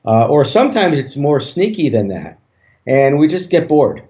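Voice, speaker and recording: A man, a hypnotist guest on an interview show, tells a story in a relaxed way with many fillers and restarts. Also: on the high side, normal speed. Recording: dull lo-fi audio.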